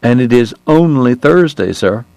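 A man's voice: mid-range voice, expressive, a little slow, no echo. Guy doing a worn-out southern gent dentist, wheezy, fancy talk, dry little jokes. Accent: American Southern. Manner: formal, elaborate, softly ironic. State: exhausted. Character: weary Southern gentleman dentist, courtly.

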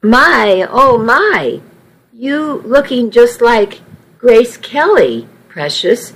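A fussy, teasing old grandmother from a storybook, as a woman reads her, lifted higher and sweeter than the narration, slow and drawn out. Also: big pitch swings, a bit bright, slightly rough, exaggerated voice, poor audio. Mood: delighted. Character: frail, fussy grandmother in a nursing home.

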